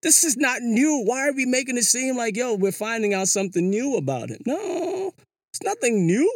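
A vlogger giving a casual monologue commentary. The delivery is animated and sing-song, full of slang, rhetorical questions and repeated words. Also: medium pitch, brisk, dry recording, studio quality. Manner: slangy, says "yo" and "you know" often. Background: hip hop music.

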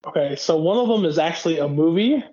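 Emotional gushing guy, slightly high lively voice. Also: fast talker. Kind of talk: casual group chat. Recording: dull lo-fi sound.

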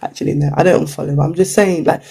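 A relaxed vlogger chats straight to camera with a gravelly, husky edge to the voice. The tone is dark and mellow, full of "like" and "you know", with quick acted-out quotes dropped in along the way. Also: mid-range voice. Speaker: vlogger giving career advice. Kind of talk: casual to-camera chat.

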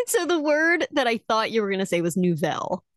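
A woman's voice: a little high, fairly bright tone, dry recording, studio quality. A woman co-hosting a podcast in casual, playful chat, often breaking into giggles. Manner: playful, giggly, word-nerdy. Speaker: podcast co-host.

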